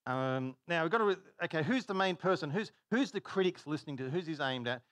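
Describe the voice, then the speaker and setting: A man's voice: fairly high pitch, animated, fast, a bit bright, no room sound. A man preaching a conversational sermon, telling stories, stopping himself mid-sentence and acting out dialogue. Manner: chatty, self-interrupting, acts out dialogue.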